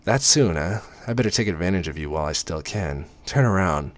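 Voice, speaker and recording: A man's voice: low-pitched, animated, fairly quick. A man voicing a controlling, wealthy young man who murmurs dry commands in a storybook reading. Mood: commanding.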